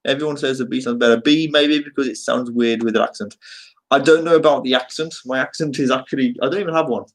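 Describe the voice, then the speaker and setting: Here the Birmingham-accented Englishman speaks fast at medium pitch, chatting loosely with viewers on his live stream. He rambles and jokes, using many fillers, and the audio quality is poor.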